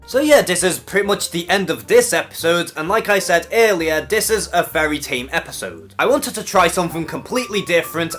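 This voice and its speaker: A man's voice: fairly high pitch, fairly bright tone. A young man with a Scouse accent hosting an opinionated YouTube comment-response show, talking bluntly and swearing freely. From England. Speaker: YouTube host.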